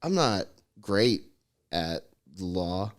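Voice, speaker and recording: A man's voice: low-pitched, very animated, slow pace. A young man telling a comic story on a podcast, rambling, laughing often and acting out the people he quotes. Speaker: podcast co-host. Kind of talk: comedic storytelling.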